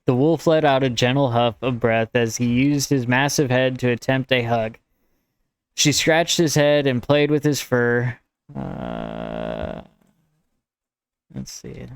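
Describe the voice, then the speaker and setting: An American man reads his own draft aloud and chats with his viewers. His voice is smooth and even, recorded dry and close. He rambles easily and stops mid-sentence to fix his wording. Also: medium pitch, normal speed, no room sound. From United States. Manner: rambling and conversational. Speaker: streamer and writer.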